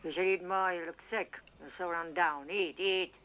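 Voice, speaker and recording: An actress playing a sharp-tongued older mother who nags and scolds her grown son, in a dubbed film. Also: lowish voice, fairly even intonation, normal speed, highs cut off, a little hiss or hum, lightly acted. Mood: scolding. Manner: nagging, scolding.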